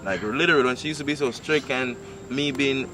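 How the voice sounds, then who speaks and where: Excited man, laughing tour guide. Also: mid-range voice, brisk, noisy background. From Jamaica. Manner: excited, laughing, pointing things out. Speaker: vlogger. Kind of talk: casual home tour and talk.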